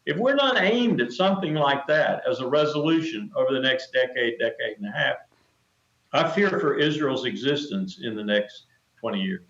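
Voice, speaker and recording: An older man giving a remote news interview as a guest, speaking in an emphatic, measured way and repeating phrases for stress. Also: medium pitch, expressive, fairly bright tone, echoey room, lo-fi sound. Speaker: interview guest, retired colonel.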